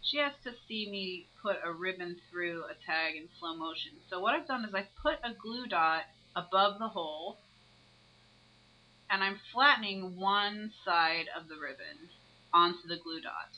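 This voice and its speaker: A woman's voice: lowish voice, a little slow, bright, forceful tone, rough recording. A woman narrating her own crafting video, explaining each step as she works.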